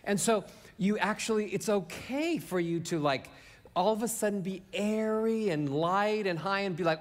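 A man's voice: sits high, normal speed, long reverb tail. A man giving vocal delivery feedback, acting out different voices to show his points. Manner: demonstrative, acts out voices to illustrate points. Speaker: voice coach.

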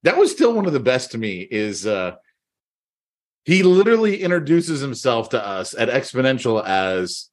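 A man's voice: medium pitch, moderate pace. Man telling funny stories on a podcast. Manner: animated storytelling, laughs often. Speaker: podcast co-host. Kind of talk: casual chat.

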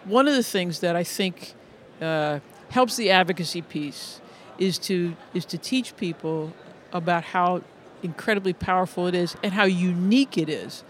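High-voiced middle-aged man, earnest storyteller. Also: normal speed, slight background noise. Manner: earnest, with frequent restarts and repeated words. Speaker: music educator. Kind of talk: conversational interview storytelling.

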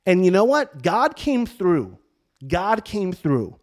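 A middle-aged man, a priest, telling a personal faith story in casual, animated talk with many restarts and fillers. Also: high voice, slow pace. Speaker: priest and podcast host. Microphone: camera and mic for video podcast.

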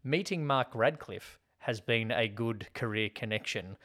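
A man's voice: medium pitch, expressive, a little slow, fairly bright tone. A man co-hosting a casual film podcast, chatty and jokey, acting out lines from scenes. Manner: chatty, jokey, acts out quotes. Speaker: podcast co-host.

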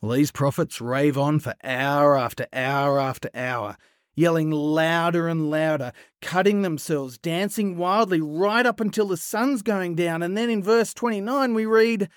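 A man retelling a Bible story for children in a playful, animated way, with sudden hushed pauses. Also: a little high, clean tone, no room sound, studio quality.

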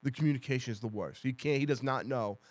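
A man co-hosting a podcast, chatting casually, telling an animated story with lots of swearing and impressions of others. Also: medium pitch, fast talker, dry recording. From New Jersey. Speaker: podcast co-host. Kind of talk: casual chat. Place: podcast studio.

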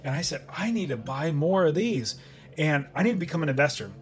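A man's voice: fairly high pitch, lively intonation, a little fast. A middle-aged man, a podcast guest, telling a personal story in conversation and acting out his own past thoughts.

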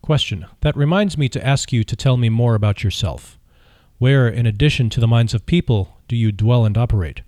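A man reading an audiobook dialogue of questions and answers in a measured, even way. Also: medium pitch, no room sound, studio quality. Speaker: audiobook reader. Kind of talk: scripted audiobook narration of a dialogue.

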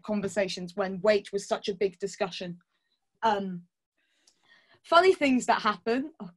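A woman chatting candidly as a podcast guest, laughing often and swearing casually. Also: mid-range voice. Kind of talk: casual chat.

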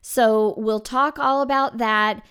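A woman music teacher talks through classroom activities in a smooth, clear voice. She explains each step in an encouraging way and jumps her voice high or drops it low to show the children's parts. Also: takes it slowly. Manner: lively, demonstrates with sudden high and low voice swoops. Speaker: elementary music teacher and podcast host. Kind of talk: instructional podcast talk.

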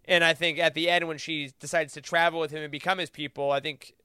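A man with a bright, smooth voice and a fairly high pitch, recorded dry and close. He co-hosts a podcast and works through ideas aloud in a relaxed, thoughtful way, with plenty of fillers. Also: fast talker, no echo. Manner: thoughtful, interprets at length with many fillers. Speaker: podcast co-host. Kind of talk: casual discussion.

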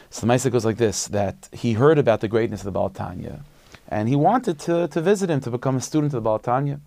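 A man tells a story as a short sermon in a loose, conversational way, stopping and restarting often. His voice is low with a gravelly fry, and the recording is dry and close with no room sound. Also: a little mellow, no room sound. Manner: conversational, halting, many restarts. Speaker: religious teacher.

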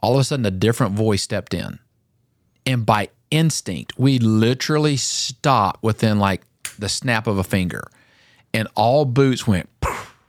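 Animated man telling a boot camp story. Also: on the low side, unhurried, no echo, studio quality. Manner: animated storyteller, acts out drill instructors. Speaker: podcast co-host. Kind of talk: casual chat.

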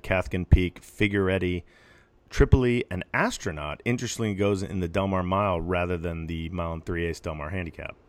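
Man, podcast co-host, very low voice, dry close sound, casual rambling chat. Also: no room sound. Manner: easygoing, rambling with fillers.

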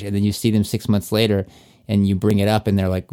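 A man's voice: on the low side, level tone, fast, dark tone, clean tone. A man talking casually and frankly as a podcast co-host, rambling with many restarts and blunt, profane asides. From Virginia. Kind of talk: casual chat.

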